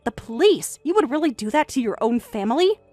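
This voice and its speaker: A woman voicing a frantic, defensive middle-aged mother who talks in a shrill, insistent, raised voice over faint music. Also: very animated, fairly quick, a little mellow.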